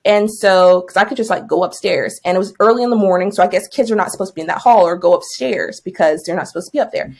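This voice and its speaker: A woman in her twenties, a new teacher co-hosting a podcast, telling stories in a casual, animated way and laughing often. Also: fast talker, hardly any pauses. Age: 20s. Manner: animated, laughs often, jumps high for quoted lines.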